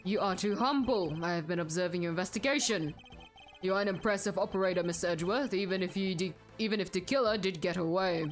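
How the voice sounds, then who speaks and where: A pompous male head of state gives slow, commanding declarations as a woman plays him. He speaks in a middle pitch for a woman's voice. Faint music plays beneath the voice. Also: lightly acted.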